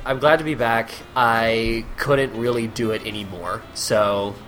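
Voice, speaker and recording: A man chatting as a podcast guest, telling animated stories with deadpan asides. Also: mid-range voice, measured pace, loud music behind the voice. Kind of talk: casual chat.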